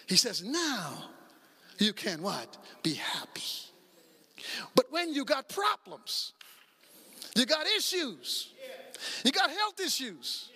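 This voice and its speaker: Middle-aged male pastor, bright sharp tone, lively storytelling sermon with bursts of shouting. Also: very high voice. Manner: animated storytelling preacher, acts out dialogue, sudden shouts.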